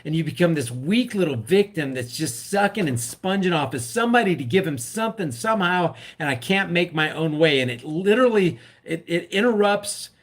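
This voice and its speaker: A middle-aged man rants through political commentary, his voice sitting notably high for a man. He talks with fired-up passion and keeps slipping into mocking impressions of scared people. Between rants he reads out viewer comments in a chatty way. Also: expressive, fairly quick, hardly any pauses. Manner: impassioned ranting, acts out scared voices. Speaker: political vlogger reacting to a clip. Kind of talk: live-stream commentary reading comments.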